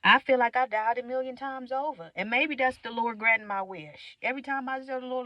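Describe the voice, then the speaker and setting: A young woman venting in a candid, profane monologue, swinging from loud outbursts to low mutters. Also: brisk, hardly any pauses, no room sound. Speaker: vlogger.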